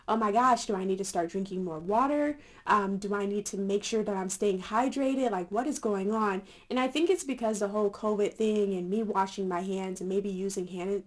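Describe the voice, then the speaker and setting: Young woman vlogger, casual and chatty, quick to laugh, mid-range voice. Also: mid-range voice, a little mellow. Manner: chatty, laughs often, many fillers. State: a little winded. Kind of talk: casual chat to camera.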